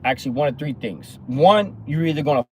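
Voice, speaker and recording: A man talking through a motivational monologue, animated and storytelling, with acted-out bits of other people's lines. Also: fairly high pitch, a little fast, a little hiss or hum. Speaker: motivational speaker.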